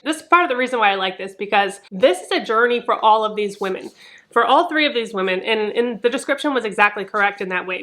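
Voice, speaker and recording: Young woman, book vlogger, crisp bright voice, casual and profane. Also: a little high. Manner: chatty, peppered with "like", swears freely. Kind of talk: casual book review chat.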